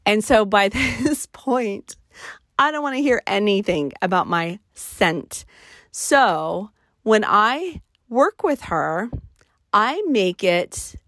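A professional organizer telling a story in a casual, animated way, acting out the dialogue with indignation. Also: female voice, medium pitch, dry recording, studio quality.

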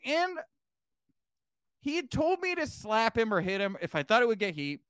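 This young man, a podcast guest and former wrestling manager, tells an animated story full of cursing and acted-out quotes. His voice is sing-song, fairly bright and smooth, at a normal pace, with a clean studio sound and no echo. He swings his pitch widely as he plays out the quotes.

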